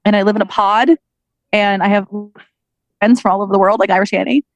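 A young woman talking as a guest on a casual podcast. She jokes, teases and swears freely, with a playful, easy delivery. Her voice sits at a middle pitch and sounds close and dry. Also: steady tone, brisk, no echo, dull audio.

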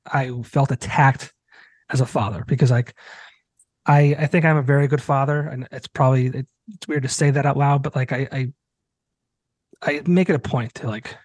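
Husky man telling a rambling story. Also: medium pitch, fairly even intonation, moderate pace, long pauses, a little mellow, no echo. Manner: rambling storytelling, many restarts, acts out quotes. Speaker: podcast host. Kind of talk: casual chat.

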